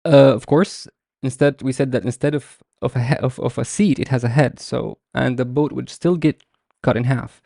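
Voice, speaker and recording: A young man teaching a beginners' Arabic lesson live online, patiently explaining letters and repeating example words slowly. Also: medium pitch, creaky, dark tone, no echo, clean studio sound.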